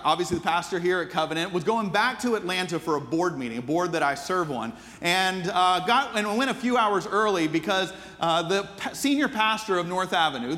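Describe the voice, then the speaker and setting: A man's voice: high voice, sharp tone, big-room sound. A man preaching a sermon as pastor, telling stories in an earnest, conversational way. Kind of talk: storytelling sermon.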